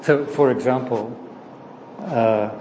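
Man, Bible study leader, unhurried delivery, halting, long reverberant room, faint background hiss. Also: mid-range voice. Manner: slow, halting, with frequent "uh" pauses. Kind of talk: prayer and informal teaching.

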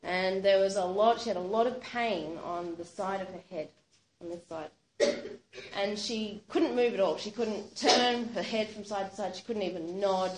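Telling a story that sounds true, a woman speaks in a mid-range voice at a moderate pace, conversational and heavy on "you know" and "sort of." The recording has a roomy echo and faint background noise.

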